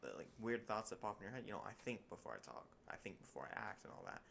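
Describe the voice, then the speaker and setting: A man's voice: on the low side, big pitch swings, fast talker, creaky, fairly bright tone, a little hiss or hum. A young man co-hosting a podcast in casual chat, telling stories with animation and acting out quotes with big jumps in his voice. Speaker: podcast co-host.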